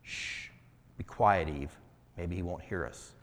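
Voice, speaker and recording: A man's voice: medium pitch, sing-song, a little slow, a bit bright. Man doing flustered Adam bickering. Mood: hushed. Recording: long reverberant hall.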